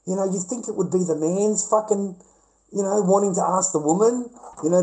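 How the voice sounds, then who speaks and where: A middle-aged Australian man speaking casually and bluntly, full of profanity. His voice sits a little above the usual male pitch. He sounds like he is ranting at viewers. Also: lively intonation, normal speed, darkish tone, slight background noise, poor audio.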